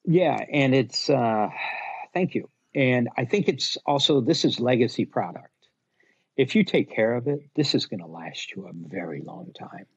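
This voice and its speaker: A man who owns a gear company, talking in a casual podcast interview, blunt and animated as he tells stories about customers. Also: mid-range voice, normal speed, breathy edge, no room sound, dull audio. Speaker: guest, luggage company owner.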